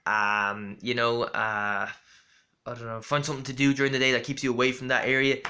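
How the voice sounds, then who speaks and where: Young man, bright voice, mid pitch, chatty rambling vlog monologue. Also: level tone, fairly quick. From Ireland. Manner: rambling, with frequent fillers and restarts. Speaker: vlogger. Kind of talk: casual storytelling monologue.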